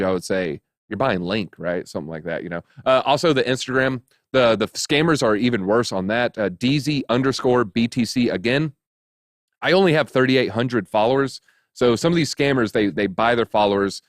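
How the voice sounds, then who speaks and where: A man's voice: medium pitch, no room sound. Chatty man with a dry close sound. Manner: chatty, jokey, rambling with many fillers. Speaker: host of a crypto news show. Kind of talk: casual chat.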